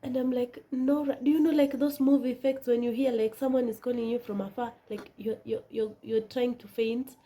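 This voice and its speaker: A woman tells a personal story to her viewers in a casual vlog. Her voice sits a little high but has a mellow, soft-edged tone. She talks dramatically and keeps sinking into hushed whispers. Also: a little fast, few pauses. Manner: animated, dramatic, drops into whispers. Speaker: vlogger.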